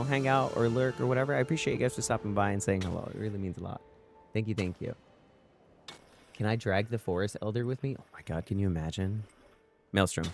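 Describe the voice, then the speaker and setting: A young man streaming casually, rambling playfully and answering chat as he talks about a game. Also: on the low side. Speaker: livestream guest streamer.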